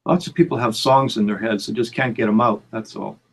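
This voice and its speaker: A man's voice: vocal fry, slightly rough. A middle-aged man, a songwriter and producer, talking casually about songwriting, often repeating his words as he starts sentences over. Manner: halting, repeats words, lively swings in pitch. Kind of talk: casual chat.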